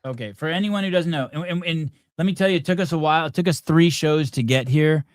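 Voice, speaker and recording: A man's voice: fairly high pitch, fast, no echo, studio quality. A man hosting a podcast, talking emphatically and often repeating himself. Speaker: podcast host. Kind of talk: casual podcast discussion.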